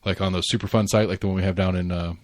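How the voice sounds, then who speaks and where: A man's voice: low-pitched, flat delivery, rapid-fire, no echo, studio quality. A man co-hosting a casual current-affairs podcast, rambling with lots of fillers and restarts and the odd swear word. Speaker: podcast co-host.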